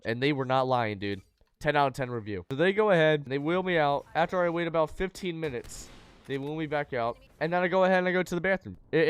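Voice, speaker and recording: A young man with a slightly high, smooth voice tells a personal story time-style, laid-back and full of slang, swearing freely.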